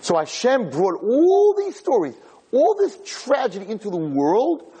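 Guy giving a sermon, kinda husky, voice all over the place when he tells the story. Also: a little slow, rough recording. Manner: animated, dramatic retelling with acted-out quotes and sudden high exclamations. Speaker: rabbi giving a Torah talk.

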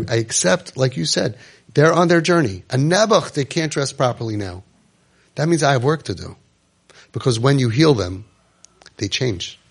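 Addressing parents with deep feeling, this man voices both parent and child characters and sinks into soft, low tones. His voice is gravelly with a breathy edge.

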